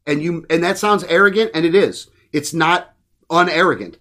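A man's voice: on the high side, normal speed, sharp tone. Man, podcast host, profane, blunt, fired-up ranting, casual chat.

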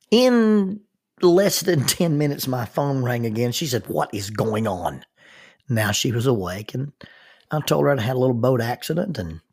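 A minister telling a personal story in an earnest, halting way, often restarting his sentences. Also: mid-range voice, a little mellow, slightly rough.

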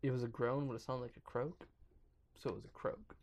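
A man's voice: mid-range voice, flat delivery, fairly quick, darkish tone. A man on a podcast casually reading a creepypasta aloud, stumbling over words and breaking off to joke. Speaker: podcast co-host reading a horror story.

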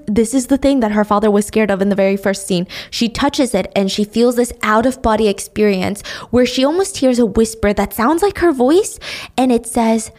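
A woman's voice: on the high side, normal speed, a little mellow. Chatty woman recapping a drama. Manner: chatty, casual swearing. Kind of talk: casual story recap.

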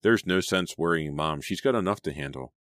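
An anxious teenage girl, voiced by a man reading an audiobook, earnest and easily alarmed. The voice is pushed up from a deep base, and it sounds dry and close with no room around it. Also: expressive, brisk, fairly bright tone, no room sound. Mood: worried, earnest.

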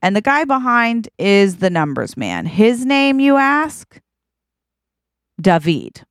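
A woman co-hosting a comedy podcast, spinning an improvised story in an animated, drawn-out way. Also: mid-range voice, no room sound, clean studio sound. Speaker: podcast co-host.

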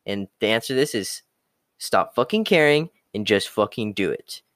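A man's voice: fairly low pitch, expressive, normal speed, fairly bright tone, no room sound, clean studio sound. A young man hosting a podcast, ranting bluntly with constant swearing and mocking whiny voices. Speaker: podcast host. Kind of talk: profane motivational monologue.

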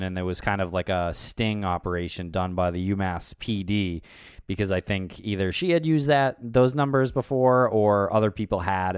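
Smooth-voiced man, hesitant and unsure. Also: low voice, no room sound, clean studio sound. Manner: hesitant, full of fillers. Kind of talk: casual discussion.

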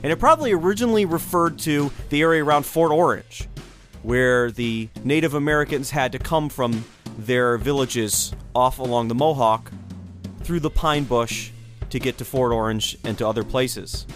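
A man's voice: mid-range voice, normal speed, faint music behind. A man hosting a history show, telling the story in a loose, conversational way with speculative asides. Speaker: history podcast host. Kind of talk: casual history lecture.

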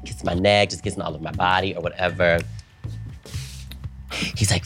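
A young man co-hosting a podcast, telling a story in a casual, animated way and acting out the quotes. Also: sits low, brisk, long pauses, music in the background. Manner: animated, dramatic retelling with acted-out quotes and frequent profanity. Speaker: podcast co-host.

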